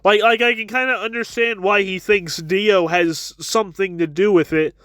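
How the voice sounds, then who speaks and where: A man's voice: high-pitched, steady tone, moderate pace, a bit bright, no echo. A man giving a casual chapter review with wry asides, often stammering and repeating his words.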